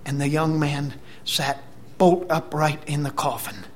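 A man preaching a sermon, retelling scripture dramatically, dropping to a whisper and then booming out. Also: a little slow, slight background noise.

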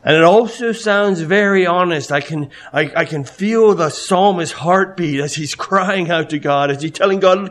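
Brief: male preacher, slightly higher voice, reads scripture with building intensity and drawn-out pauses, comments in a hushed low tone. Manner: reads scripture with rising, swelling emphasis and slow dramatic pauses. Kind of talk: sermon with scripture reading.

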